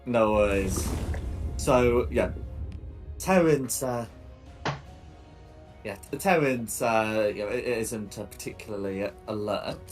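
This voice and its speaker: Game master, male, lowish voice, hesitant and filler-heavy narration. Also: slow, long pauses, soft background music.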